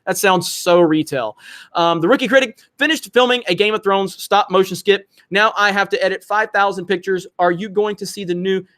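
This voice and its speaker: A man with a rather high voice chats loosely on his livestream. He swears freely, tells stories in a storyteller's rhythm and reads viewer messages aloud. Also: moderate pace, fairly bright tone. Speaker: livestream host. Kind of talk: casual livestream chat.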